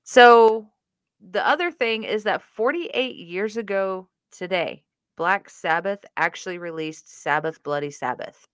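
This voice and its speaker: A woman co-hosting a casual podcast, playful and quick to laugh. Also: medium pitch, fairly bright tone, clean tone, no room sound, clean studio sound. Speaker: podcast co-host. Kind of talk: casual chat.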